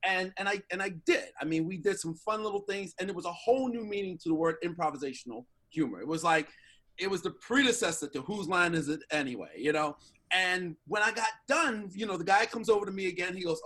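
A middle-aged man telling a story in an interview, lively and acting out the voices of the people he quotes. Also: high-pitched, fast. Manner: animated, acts out quoted voices. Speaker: interview guest. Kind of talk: casual storytelling.

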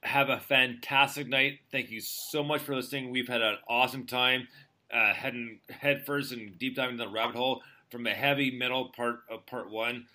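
Male music show host, casual and rambling, bright and forward in tone. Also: medium pitch, steady tone, normal speed. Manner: laid-back, rambling, frequent fillers and restarts. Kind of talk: casual chat.

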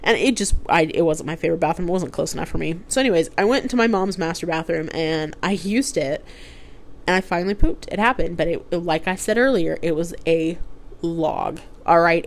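Young woman kinda low voice, rambly casual storytelling, says like a lot. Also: normal speed. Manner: rambling, chatty, heavy use of "like". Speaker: host telling personal stories.

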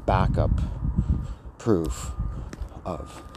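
A man's voice: deep voice, very slow. Rambling man over street noise. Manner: rambling, slangy, says "dude" a lot. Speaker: vlogger. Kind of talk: casual rambling monologue.

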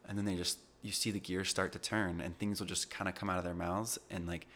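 A man's voice: sits low, flat delivery, fairly quick, a bit bright. A young man talking earnestly and reflectively in a casual podcast conversation, with plenty of fillers. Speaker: podcast guest.

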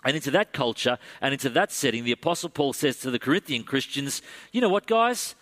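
A male pastor delivering a sermon in a casual, conversational way. He slips in dry sarcasm now and then. His voice sits at an ordinary middle pitch for a man. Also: fast, a bit bright. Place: church.

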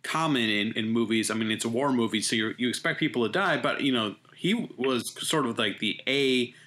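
A man hosting a podcast, easygoing and plain-spoken, walking through the talk with a middle-pitched voice. He sounds relaxed and conversational. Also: brisk. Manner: relaxed, explains game rules plainly. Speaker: podcast host.

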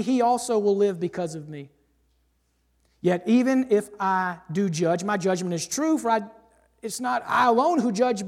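A male pastor preaching a sermon and reading scripture aloud, emphatic, swinging from loud declarations to hushed asides. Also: sits high. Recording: long hall reverb.

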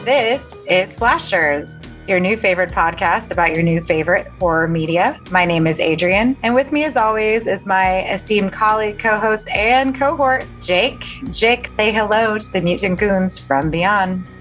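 A woman's voice: mid-range voice, moderate pace, hardly any pauses, fairly bright tone, soft background music. A woman hosting a casual podcast, trading teasing back-and-forth with her co-host. Her delivery is loose and playful, swinging between mock outrage and laughter. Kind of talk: casual banter.

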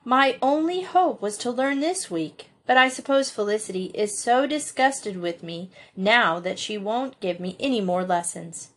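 A woman's voice: mid-range voice, expressive, a little slow, few pauses, a bit bright. This is a dreamy young girl from a storybook, dramatic and plaintive in her speech, played by a woman reading aloud. Her voice lifts slightly above the narration. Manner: wistful, plaintive. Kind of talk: audiobook reading.

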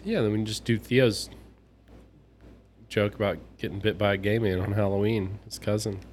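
A man co-hosting a podcast, telling a story in a rambling, animated way with lots of restarts. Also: on the low side, moderate pace, slight background noise. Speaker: podcast co-host. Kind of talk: casual chat and storytelling.

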